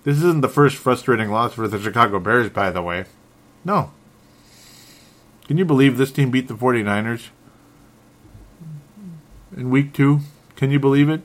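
A man's voice: medium pitch, moderate pace, pauses often. A man hosting a solo sports talk show, sounding frustrated and rambling, often stumbling and correcting himself. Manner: restarts and self-corrections. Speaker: sports podcast host.

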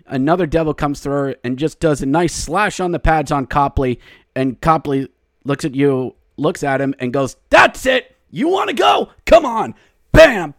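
A male podcast host recapping a hockey game, slipping into excited play-by-play calls and shouting at the goals. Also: mid-range voice, no room sound, clean studio sound.

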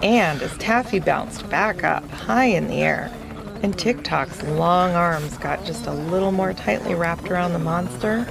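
A woman narrating a children's fantasy story in a playful, unhurried way. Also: fairly low pitch, creaky, noisy background.

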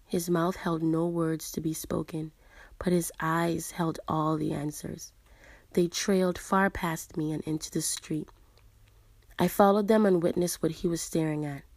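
A woman with a fairly low voice reads a story aloud, her narration hushed and at times slipping into breathy half-whispers. The sound is dry and close, with no room around it. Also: no room sound. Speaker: reader and book reviewer. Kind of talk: reading a story aloud, then casual commentary.

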